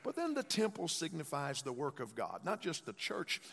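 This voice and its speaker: In a church sanctuary, a male pastor preaches a sermon and urges the congregation to repeat emphatic, repetitive call-and-response phrases after him. His voice is on the high side and a bit bright, with huge pitch swings, vocal fry, and a moderate pace. The long reverb of the church hall surrounds him.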